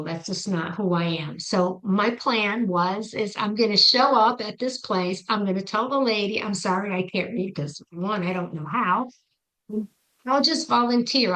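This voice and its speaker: Animated woman telling a personal story. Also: medium pitch, low-quality recording. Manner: animated storyteller, acts out her own past reactions. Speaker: psychic medium guest. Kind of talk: storytelling in an interview.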